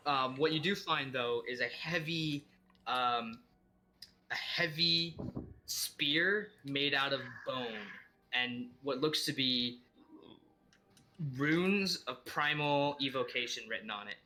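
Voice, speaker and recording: A man's voice: mid-range voice, slow pace, pushed and bright. A man narrating a tabletop game as dungeon master, in a casual, loose way with fillers.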